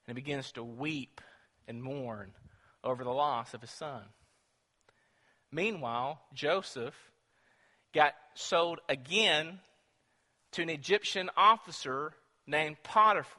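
A man preaching a sermon in a church, telling a story in an animated way, acting out voices and putting questions to the congregation. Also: on the high side. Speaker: pastor. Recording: long reverb in a church hall.

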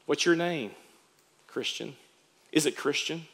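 A man preaching as a pastor, moving from quiet storytelling to rising exhortation. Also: a little high, lively intonation, slow pace, long pauses, long reverb tail, faint music behind. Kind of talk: sermon.

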